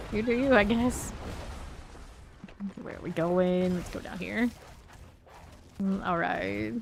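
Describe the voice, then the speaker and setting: A woman's voice: mid-range voice, gravelly, noisy background. Chatty woman streaming a game. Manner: chatty and rambling, heavy use of "like". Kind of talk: casual gameplay chat.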